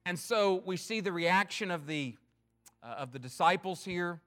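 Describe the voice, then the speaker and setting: A man preaching a sermon in an earnest, emphatic way, with his loudness and pace swinging as he makes each point. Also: sits high, animated, normal speed. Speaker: pastor.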